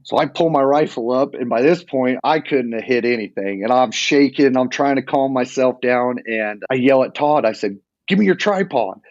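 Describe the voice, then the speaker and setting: A man's voice: medium pitch, moderate pace, hardly any pauses, dry recording. Rambling male hunter telling a story. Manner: animated, rambling retelling with many restarts. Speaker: hunting guest telling a story. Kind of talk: casual storytelling. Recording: dull lo-fi sound.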